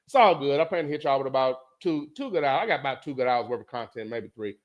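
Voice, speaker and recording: A man hosting his own show, telling a story in a casual, animated way, swearing often and repeating lines for emphasis. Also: mid-range voice, fast, dull audio. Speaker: podcast host.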